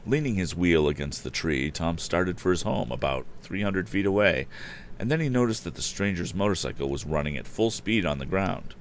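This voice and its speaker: A man reading an old adventure novel aloud, narrating and jumping into excited character voices. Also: normal speed, a little hiss or hum. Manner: animated, jumps up in pitch for excited characters. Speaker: storyteller.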